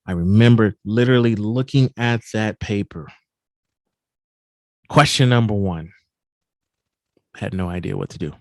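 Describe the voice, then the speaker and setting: A man giving a keynote at a virtual summit, telling a personal story in an animated, emphatic way. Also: on the low side, measured pace, long pauses, no echo. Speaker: keynote speaker. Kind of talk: storytelling talk.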